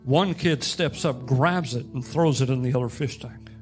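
A man's voice: mid-range voice, normal speed, faint music behind. Impassioned male pastor preaching. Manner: impassioned, rising to loud emphatic peaks. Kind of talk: sermon.

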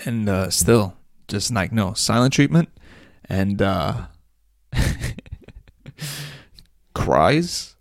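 A man's voice: lowish voice, animated, extremely slow, creaky, long pauses, dry recording, clean studio sound. A young man hosting a solo podcast, rambling and crude, laughing at his own jokes. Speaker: podcast host. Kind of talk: casual solo podcast rant.

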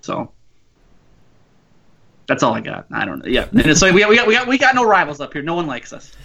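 A man's voice: on the high side, wildly swooping pitch, fairly quick, creaky, pushed and bright. A man joking and laughing in a casual sports podcast chat, often unsure of himself. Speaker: podcast co-host.

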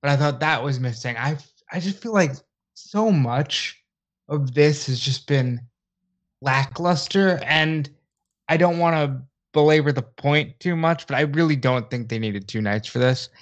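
A man's voice: mid-range voice, moderate pace. Blunt, opinionated podcast co-host man. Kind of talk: casual podcast chat.

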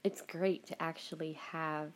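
Woman on her home podcast, kinda low voice, chatty and rambly, swears a bit. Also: steady tone, unhurried. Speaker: podcast host. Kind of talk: casual personal monologue. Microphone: home recording.

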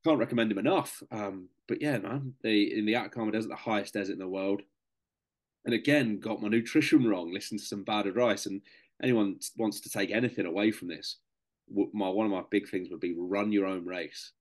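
A man's voice: fairly low pitch, fairly quick. A young man telling a story on a podcast, chatty, matey and swearing freely. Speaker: podcast guest, serving soldier. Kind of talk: casual storytelling.

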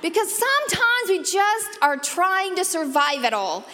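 A woman pastor giving a sermon, animated, playful and emphatic, with sudden jumps in pitch and loudness. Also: unhurried, in a large hall. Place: church auditorium.

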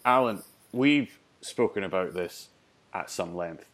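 Podcast host guy, fairly low voice, chatty and jokey, lots of restarts. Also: expressive, a little slow, fairly bright tone. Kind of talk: casual chat.

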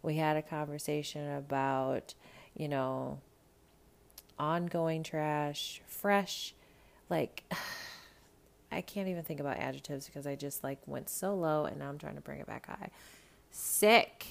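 A woman hosting a podcast in casual chat, animated and profane, talking straight to her listeners about reality TV. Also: low-pitched, unhurried, gravelly. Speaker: podcast host.

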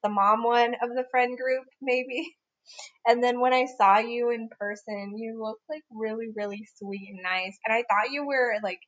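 A woman's voice: on the high side, steady tone, normal speed, fairly bright tone. Chatty young woman, slightly muffled. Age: young adult. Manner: rambling, lots of fillers and restarts. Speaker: podcast co-host. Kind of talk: casual chat among friends.

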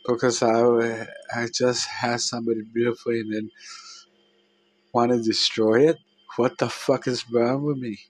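A man telling a personal story in a halting, emotional way, with many restarts and trailing phrases. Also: medium pitch, level tone, rough recording.

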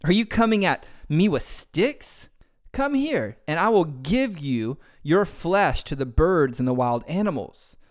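A man's voice: a little high, sing-song, unhurried, voice pushed up. A man voicing a scornful giant warrior who taunts his opponent in casual slang. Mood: mocking.

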